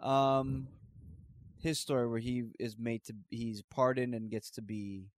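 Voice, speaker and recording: A man in casual chat, relaxed and hesitant, with many fillers and restarts. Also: medium pitch, measured pace, no echo.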